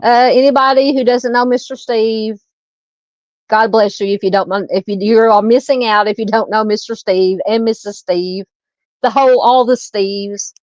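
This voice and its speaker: A woman's voice: on the high side, steady tone, normal speed, a little mellow, dry recording. A woman with a Southern US accent hosting a true crime livestream, chatting casually with many ums and uhs while reading viewer comments. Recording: dull lo-fi dry home mic.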